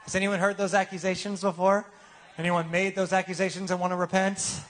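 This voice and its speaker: A man's voice: sits high, flat delivery, a little fast, fairly bright tone. A man preaching a sermon as pastor in a casual, joking way, often asking the congregation for replies.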